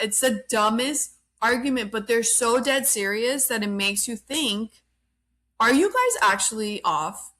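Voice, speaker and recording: A woman's voice: fairly high pitch, expressive, a little slow, sharp tone. Blunt, opinionated woman podcast host. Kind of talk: casual reality TV recap.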